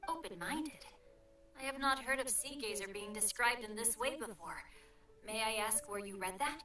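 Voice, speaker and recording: A woman's voice: on the high side, normal speed, pushed and bright, recorded from a distance, faint music behind. Brief: a refined young male heir, formal and polite, in a game; roomy, faraway sound. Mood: courteous. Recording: echoey game audio under streamer mic.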